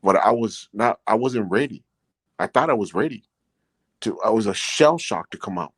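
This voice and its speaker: Low-voiced man, rambling storyteller. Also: lively intonation, moderate pace, husky, no echo. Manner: rambling, leans heavily on "you know" fillers; earnest and emotional when recounting his experiences. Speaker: podcast host, former prisoner. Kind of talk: casual storytelling.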